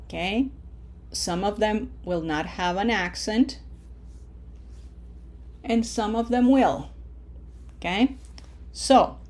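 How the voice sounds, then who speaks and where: A woman gives a recorded lesson at an ordinary middle pitch for her sex. She explains each rule patiently and in small steps, checking in with a quick "okay?" along the way. When she gives the example words, she says them slowly and loudly so they stand out. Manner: patient, explains step by step, asks "okay?" often. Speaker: Spanish teacher.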